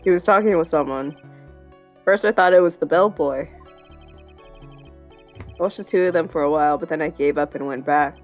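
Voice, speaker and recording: A woman's voice: low voice, normal speed, pauses often, soft background music, natural voice. A woman reading the part of a timid, anxious male action-star witness in a game, in a nervous, pleading manner. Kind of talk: reading game dialogue on stream.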